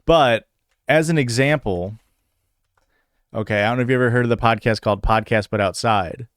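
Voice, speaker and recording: A man's voice: medium pitch, brisk, smooth, dry recording, studio quality. A man hosting a podcast in a casual livestream chat, rambling and hesitant, full of "like" and "um" fillers. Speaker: podcast host.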